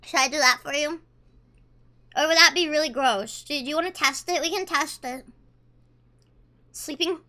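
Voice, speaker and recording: A woman's voice: sits high, moderate pace, long pauses, pushed and bright. A woman streamer chatting casually with her chat, reading messages aloud and talking while she eats. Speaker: livestreamer.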